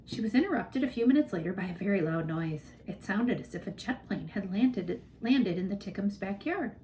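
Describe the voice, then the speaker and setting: A woman reads a children's novel aloud with expressive, lively storytelling. Her voice sits at a middle pitch, with a faint hum of background noise. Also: normal speed, low-quality recording. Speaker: reader. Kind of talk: audiobook narration for children.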